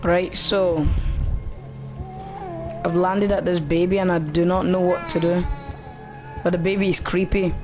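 Slow, nervous man muttering over music. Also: high voice, level tone. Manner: nervous, frightened muttering to himself. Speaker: gaming channel host. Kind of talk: horror game let's play commentary.

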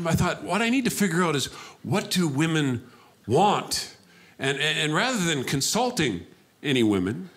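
A man's voice: fairly high pitch, noisy background. A male stand-up comedian with a self-deprecating, stammering delivery.

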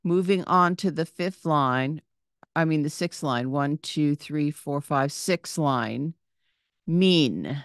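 A woman's voice: deep voice, slow pace, no echo, clean studio sound. A woman giving a patient reading lesson, saying each word, spelling out its letters and vowel sounds, then repeating it. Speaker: Hebrew reading teacher.

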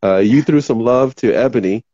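A man hosting a talk show, rambling casually as he reads out viewer comments, his voice going hoarse. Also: medium pitch, moderate pace, dark tone, no room sound, dull audio. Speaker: podcast host.

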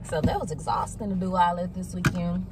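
A woman's voice: on the low side, fairly even intonation, brisk, distant mic, very noisy. A middle-aged woman vlogging casually while driving, candid and chatty, swearing freely. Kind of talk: casual vlog talk. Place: in a car, driving.

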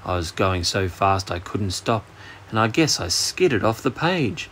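A man with an Australian accent voicing an embarrassed, grumpy male dragon for a bedtime storybook, speaking slowly in a raised voice. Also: big pitch swings, fairly bright tone, a little hiss or hum. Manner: slow, sulky, higher-pitched drawl.

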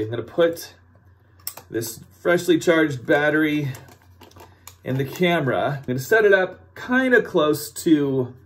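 A man casually vlogging at home, sleepy and rambling in a low-key, self-deprecating way. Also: a bit bright. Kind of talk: casual vlog chat. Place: at home, indoors. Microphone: camera or phone on a stand.

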